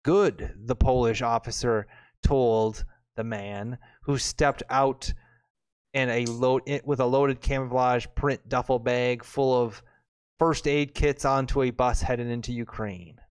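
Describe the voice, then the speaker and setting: A man's voice: medium pitch, fairly even intonation, slow, smooth. A male host reading news aloud in casual chat, breaking off for joking, sarcastic asides.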